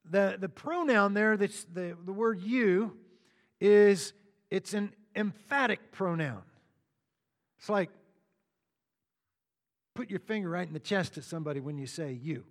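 A man's voice: high voice, unhurried, long pauses, in a large hall. A man preaching a sermon, walking through scripture verse by verse with conversational asides to the congregation. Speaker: pastor.

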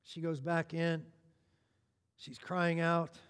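A high-voiced man preaches a sermon with lively energy and playful asides to the crowd. His voice rings out with a long reverb, as if he stands in a large hall. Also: slow, smooth. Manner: animated, joking asides to the congregation.

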